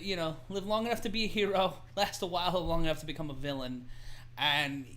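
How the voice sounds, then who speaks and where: An American man co-hosting a casual live commentary show, talking quickly, laughing often and reading out stats. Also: on the high side, steady tone, fairly bright tone. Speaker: co-host and play-by-play commentator.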